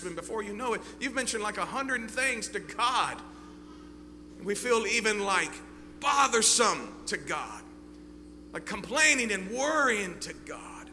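A male pastor preaching a sermon with fervent swings between loud and hushed delivery. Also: sits high, lively intonation, normal speed. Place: church sanctuary. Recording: reverberant hall with faint hum.

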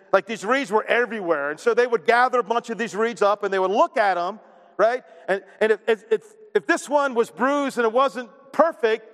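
A man preaching a sermon as a pastor, animated and asking his listeners questions along the way. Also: high-pitched, in a large hall. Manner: animated, asks the congregation questions.

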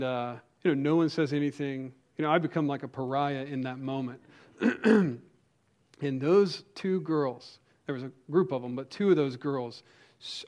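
Conversational male pastor, slightly high voice. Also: a little mellow. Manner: conversational, with frequent restarts and asides. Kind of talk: storytelling sermon.

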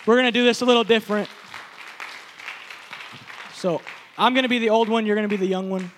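A man delivers a sermon at a church service in a strikingly high voice. His tone is bright and forceful. He builds his points through repeated phrases that swell with passion. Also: fairly even intonation, fairly quick, a faint crowd, a little hiss or hum. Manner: impassioned preaching with repetitive, building phrases. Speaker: preacher.

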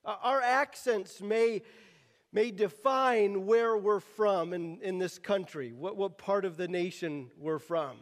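A man with a high-pitched voice delivers a sermon as a pastor. He drops the g from word endings and circles back on his words as he searches for the phrasing. His voice rings through a reverberant hall. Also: slow. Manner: repeats words while finding his phrasing.

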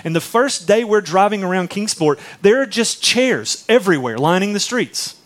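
Male pastor, fairly high voice, chatty sermon, acts out quotes. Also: normal speed. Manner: conversational, animated storytelling with acted-out quotes.

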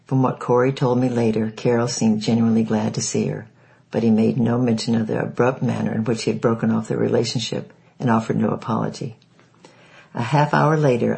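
A man reading a novel aloud in a plain, unhurried way. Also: mid-range voice, vocal fry, warm tone, low-quality recording. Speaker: reader of a novel.

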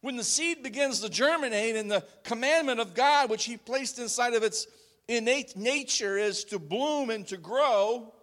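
A male pastor preaching a sermon, swinging dramatically between loud proclamations and hushed, confessional asides. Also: very high-pitched, moderate pace.

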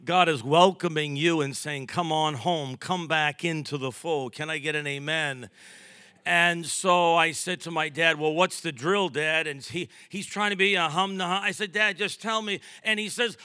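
A man's voice: a little high, steady tone, moderate pace, bright, forceful tone, clean tone, dry recording, studio quality. A man in his sixties from Massachusetts, a pastor preaching a sermon with emphatic rising bursts and joking asides.

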